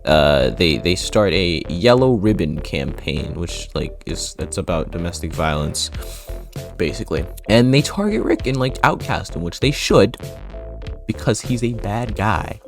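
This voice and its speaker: A man's voice: sits low, sing-song, a little slow, vocal fry, soft background music. A man casually recapping a TV show in a rambling, profane way, often laughing at his own story. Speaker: video creator.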